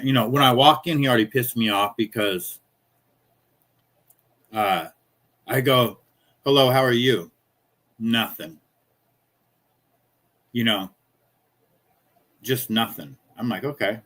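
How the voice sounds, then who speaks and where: A man's voice: medium pitch, a bit bright. A man in his fifties, a small-business chocolatier, ranting casually in a profane, rambling, indignant way. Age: 50s.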